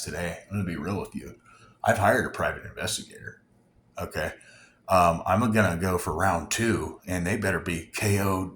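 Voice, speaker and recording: A man's voice: low-pitched, a bit bright. A man vlogging in an angry, unscripted rant, heated and profane, rambling with many restarts and sometimes dropping to a near whisper. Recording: roomy echo, faint background noise.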